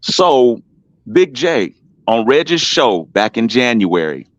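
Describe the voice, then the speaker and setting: A man's voice: mid-range voice, big pitch swings, takes it slowly, no room sound. A man talking on an online panel show, telling a long story with emphasis, restarts and repeated names. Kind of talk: casual live-stream panel talk. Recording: dull lo-fi sound, dry.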